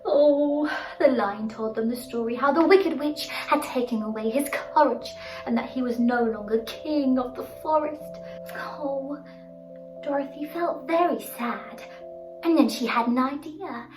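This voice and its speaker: A woman telling a children's storybook tale with a high voice and an expressive, sing-song delivery full of exclamations. She sounds set back from the mic in an echoing room, with faint music underneath. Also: unhurried, recorded from a distance.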